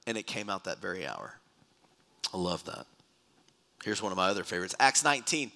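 Animated, bright-voiced man preaching. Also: mid-range voice, moderate pace. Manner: animated, reads scripture with rising emphasis, casual asides. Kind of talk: sermon with scripture reading.

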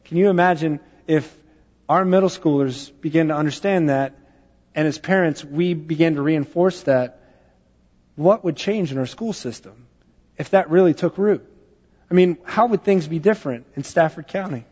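A pastor with a somewhat high, slightly mellow voice tells stories conversationally in his sermon, using fillers at a normal speed. He's in a reverberant church, and the sound is dull with a long hall reverb.

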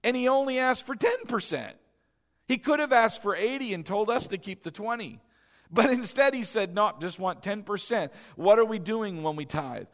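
A man's voice: sits high, animated, normal speed. A man preaching a sermon as pastor, exhorting the congregation, repeating key lines and asking them questions. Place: church sanctuary. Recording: long hall reverb.

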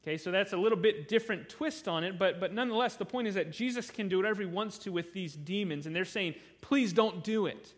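A man's voice: high-pitched, fast talker, few pauses, fairly bright tone. A man preaching a sermon through a Bible passage, earnest and conversational, often repeating words as he restarts a sentence.

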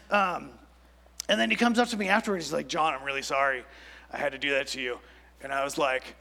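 A man's voice: high-pitched, fairly bright tone. A young man preaching a sermon to a youth congregation, chatty and full of "like" fillers, acting out quotes as he goes. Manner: conversational, lots of "like" fillers, acts out quotes. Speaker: pastor. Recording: long hall reverb.

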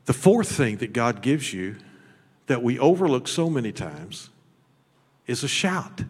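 A man preaching a sermon as pastor. His delivery is folksy and blunt, with repeated words, and it swings between shouted high peaks and low, close talk. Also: very animated, a little slow, husky. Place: church sanctuary. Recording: long hall reverb.

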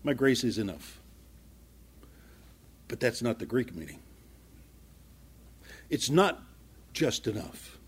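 A man with a husky, slightly rough voice preaches a sermon to his congregation. He talks in a conversational way, acts out little exchanges, and builds to fervent, rising emphasis. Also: medium pitch. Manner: conversational, acts out small dialogues, grows louder and more fervent. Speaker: pastor.

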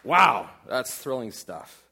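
A man preaching a sermon in a church, asking his congregation questions and building to loud climaxes. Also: mid-range voice, very animated, slow pace, creaky, husky, a faint crowd. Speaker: pastor. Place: church sanctuary.

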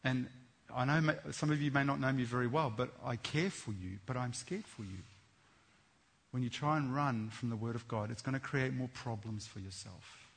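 A man preaching a sermon, swinging between loud fervent exhortation and hushed earnest appeals. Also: mid-range voice, moderate pace, creaky, slightly rough.

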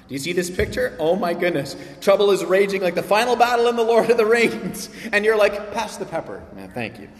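A man preaching with slightly raised pitch and lots of drive. He swings between loud, punchy lines and hushed asides. The sound rings through a large, roomy hall with a long tail. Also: brisk, hardly any pauses. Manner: animated, swings from loud emphasis to quiet asides. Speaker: pastor. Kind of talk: sermon.

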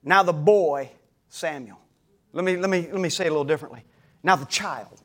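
A male pastor preaching a sermon dramatically, swinging between hushed moments and shouted ones. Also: a little high, fast.

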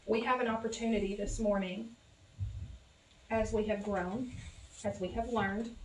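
A woman's voice: medium pitch, steady tone, unhurried, slight background noise. A woman with a Southern accent preaching a sermon, talking casually to her congregation and building to fervent exhortation. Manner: conversational, addresses congregation as y'all. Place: church sanctuary. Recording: echoey church hall from a distance with music.

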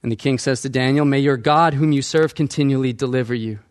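A man's voice: mid-range voice, fast. A male pastor preaching a sermon, asking the congregation questions and acting out quoted lines.

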